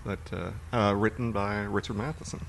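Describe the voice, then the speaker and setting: A man's voice: on the low side, normal speed, gravelly, slight background noise. A man co-hosting a podcast, chatting casually and rambling about movies he has watched. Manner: relaxed, rambling storyteller. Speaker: podcast co-host.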